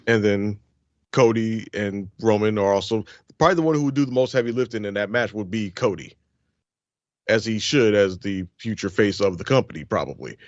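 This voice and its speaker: A man co-hosting a casual wrestling podcast, giving measured, hedged opinions. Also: fairly low pitch, dry recording. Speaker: podcast co-host. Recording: dry lo-fi audio.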